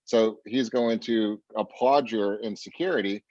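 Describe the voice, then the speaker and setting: Brief emphatic male trainer, lower voice, dry close sound, slightly dull audio. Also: a little slow, a little mellow, dry recording. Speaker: real estate trainer. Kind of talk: coaching talk.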